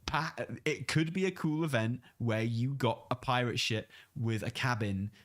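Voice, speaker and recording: A man co-hosting a casual podcast, talking animatedly and mocking fans' excited theories. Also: medium pitch, measured pace. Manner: animated, mock-exaggerated community voices. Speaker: podcast co-host. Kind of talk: casual chat.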